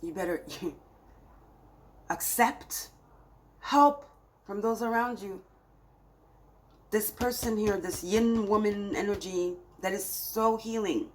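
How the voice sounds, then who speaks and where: Woman tarot reader, mid pitch, emphatic and scolding, exasperated pleading, faint background hiss. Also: slow pace, pauses often, poor audio. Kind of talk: spiritual reading to camera.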